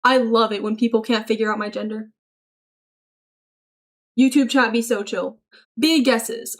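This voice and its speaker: High-voiced woman reading stream chat. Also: fairly even intonation, a little slow, pauses often. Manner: chatty, reacts aloud while reading messages; swears freely, frequent laughter. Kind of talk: casual livestream chat reading.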